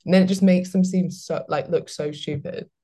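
Low-pitched woman podcast host; relaxed, rambling, filler-heavy chat. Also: normal speed. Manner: chatty, lots of "like" fillers. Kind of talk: casual chat, reading listener questions.

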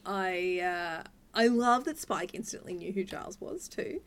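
Lively woman podcaster, faint noise. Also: medium pitch, a little slow. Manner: lively, breaks into quoted voices. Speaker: podcast co-host. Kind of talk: casual chat.

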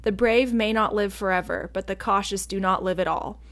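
A woman's voice: mid-range voice, steady tone, normal speed, fairly bright tone. A woman co-hosting an advice podcast in a casual chat. She talks earnestly and chattily, with frequent "like"s. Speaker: podcast co-host.

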